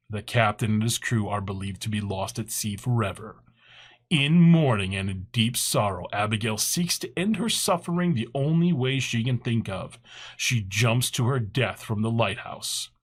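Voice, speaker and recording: A man hosting a podcast, chatting casually. His voice sits in a middle register, and he keeps the talk jokey, upbeat and quick. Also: mid-range voice, breathy edge. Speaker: podcast host. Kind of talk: casual chat.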